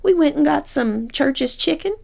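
A woman from Oakland telling a personal story in a vivid, animated way. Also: high-pitched, moderate pace, gravelly. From Oakland, California.

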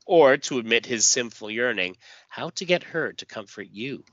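A man's voice: mid-range voice, animated, moderate pace, a bit bright, no room sound, muffled recording. A man casually recapping a comic book story, with many fillers and acted lines. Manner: reads dialogue in voices, many fillers. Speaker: podcast host reading a comic aloud.

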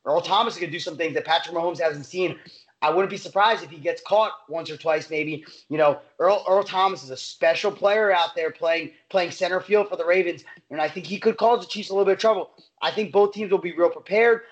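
A man with a high voice talks through his picks on a sports betting show. He is emphatic and animated, stacking up repeated phrases as he makes his case, in a casual back-and-forth with his co-host. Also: poor audio.

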